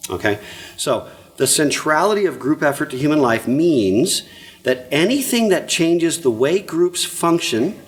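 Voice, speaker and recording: Older male presenter, animated and joking, medium pitch, keeps asking the room "right?". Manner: animated, jokey, checks in with audience. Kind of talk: lively conference talk.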